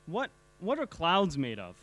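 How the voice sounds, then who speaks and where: Man reads curious small boy, plain read-aloud delivery, slightly high voice. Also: huge pitch swings, unhurried, fairly bright tone, heavily acted. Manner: reading a comic aloud. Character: curious young boy asking questions.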